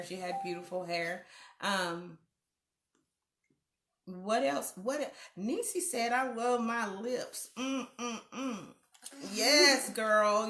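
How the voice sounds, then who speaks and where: A middle-aged woman hosts a live online talk show, reading viewer comments in a warm, affirming, playful way and laughing often. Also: a little high, reverberant.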